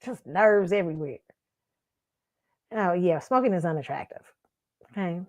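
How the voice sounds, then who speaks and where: A woman hosting a casual pop culture commentary show, animated and laughing often, swearing freely and acting out her own reactions. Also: on the low side, moderate pace. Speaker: host.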